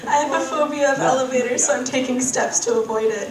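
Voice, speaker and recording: A woman's voice: sits high, fairly even intonation, fast talker, crowd noise. A woman contestant telling a long joke to a panel audience in a breezy, casual way. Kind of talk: storytelling a joke. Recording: echoey hall, distant mic.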